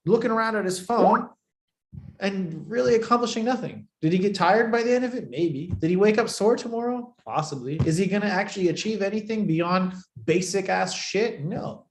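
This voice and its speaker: A man coaching students in a live online training, blunt and profane, swinging between loud and soft for emphasis. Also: high voice. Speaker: marketing coach. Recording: echoey room.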